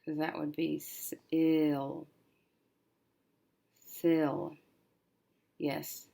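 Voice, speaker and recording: Woman, teacher, low gravelly voice, slow, sounding out syllables, working at a desk. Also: steady tone, dark tone. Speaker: reading teacher. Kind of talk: recorded syllable-division lesson.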